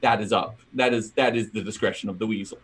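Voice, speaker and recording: A man's voice: on the low side, fairly even intonation, quick pace, a bit bright, slightly rough. A man playing a tabletop game, earnest and prone to stammered restarts. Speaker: player.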